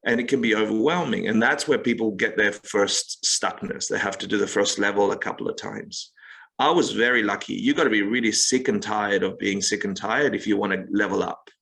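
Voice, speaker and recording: A man with a bright, forward voice talks through spiritual ideas in a lively conversational way. He tells stories, acts out quick quotes and leans on game comparisons to make his point. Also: on the low side, vocal fry, poor audio. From United States. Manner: expressive storyteller, acts out quotes, gaming analogies. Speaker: meditation teacher guest. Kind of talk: animated podcast conversation.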